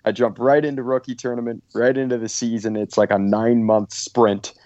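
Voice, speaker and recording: A man's voice: mid-range voice, flat delivery, brisk, warm tone, no room sound. A man who calls hockey games, guesting on a casual podcast and talking in a friendly, easygoing way. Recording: dull lo-fi, dry.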